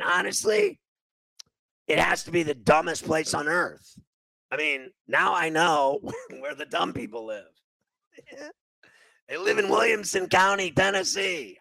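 Brief: male talk host, gravelly and sharp, lively swooping pitch, profane mocking rants. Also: no echo. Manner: loud, profane, mocking ranting. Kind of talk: radio talk show rant.

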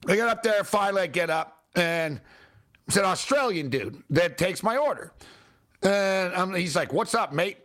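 A man hosts his own show and rants through a story in a loose, filler-heavy way. His voice sits high for a man and leaps up and down as he gets worked up. He sounds exasperated and animated. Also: normal speed. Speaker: show host. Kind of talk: casual ranting storytelling.

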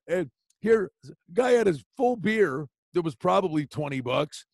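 Brief: lively male host, a bit high-pitched, animated storyteller, dry close mic. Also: unhurried, vocal fry, no room sound. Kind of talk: casual sports chat.

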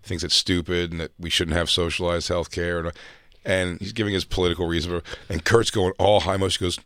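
A man's voice: deep voice, little pitch movement, fairly quick, a bit bright, no room sound, studio quality. A man co-hosting a comedy chat show, telling stories animatedly, acting out his friends' voices and swearing freely. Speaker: podcast co-host.

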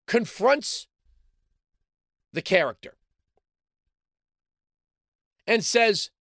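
A middle-aged New man holds forth as a talk host, his voice pitched high and swinging widely as he jabs with rhetorical questions. The sound is dry and close, with no room around it. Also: sing-song, normal speed, pauses often, fairly bright tone, no echo. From New York City. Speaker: radio talk show host. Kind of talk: opinionated monologue.

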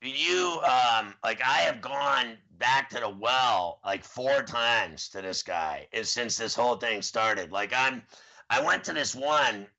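A man's voice: mid-range voice, takes it slowly. A man in his forties hosting a show in casual chat, telling rambling stories and acting out what people said. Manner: rambling, animated storyteller who acts out quotes. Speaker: podcast host. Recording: dull lo-fi audio.

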